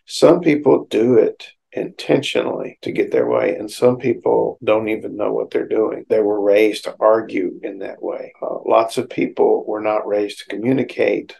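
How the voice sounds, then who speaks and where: A middle-aged man speaks in a deep-set, heavily gravelly voice. He is a psychotherapist giving an informal educational talk. He talks conversationally and explains things through everyday examples. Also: steady tone, moderate pace, few pauses, warm tone, rough recording.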